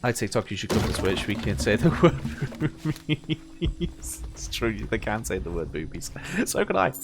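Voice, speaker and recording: Man streaming a game, low voice, animated, joking and chatty, faint music behind. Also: a little fast, creaky. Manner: joking, chatty, laughs often. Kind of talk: live gameplay commentary. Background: game audio and music.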